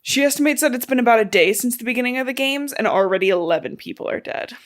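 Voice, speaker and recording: A young woman with a slight lisp co-hosts a podcast book recap, talking fast in a voice on the high side. Her delivery rambles, with casual swearing and acted-out quoted lines.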